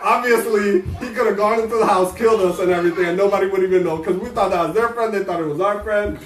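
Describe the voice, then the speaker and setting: A man's voice: sits high, fast. A man co-hosting a casual chat show, telling stories animatedly and acting out what people said. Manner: animated storyteller, acts out quotes. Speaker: co-host. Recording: echoey room, distant mic, noisy.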